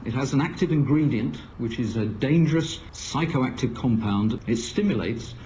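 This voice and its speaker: A mock-serious documentary narrator intones gravely and portentously, voiced by a man. The clip sounds dull and lo-fi, with faint hiss. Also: medium pitch, moderate pace, mellow, natural voice.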